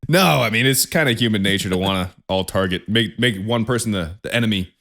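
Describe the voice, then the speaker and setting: Young man, podcast co-host, casual chat, low-pitched, easygoing. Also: fairly bright tone. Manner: laid-back, chuckling, quick rattled intro.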